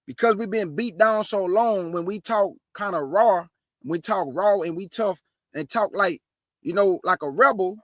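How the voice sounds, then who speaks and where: A man with a high, light voice preaching hard, blunt and combative, in plain street talk. He pushes up into forceful emphasis and then reads scripture aloud. The sound is close and dry, with no room around it. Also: normal speed, dry recording. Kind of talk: fiery sermon with scripture reading.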